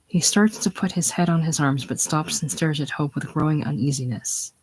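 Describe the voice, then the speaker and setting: A man reading a stage play aloud, calmly narrating the stage directions. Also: fairly high pitch, moderate pace, hardly any pauses, breathy edge, low-quality recording. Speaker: reader.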